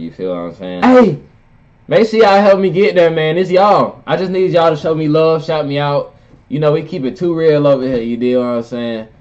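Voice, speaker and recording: A man giving a casual, slangy shout-out to viewers, with bursts of loud hype. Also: mid-range voice, muffled recording. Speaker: YouTuber friend giving a shout-out.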